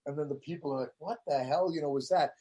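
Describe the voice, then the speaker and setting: Comedian guest, husky and a touch high, animated storyteller in a casual interview. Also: male voice, quick pace. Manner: animated storyteller, acts out quotes.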